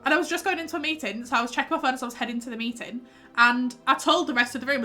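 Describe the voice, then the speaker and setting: A young woman chatting casually with her stream viewers, rambling and excitable. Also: high voice, rapid-fire, faint music behind. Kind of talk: casual livestream chat.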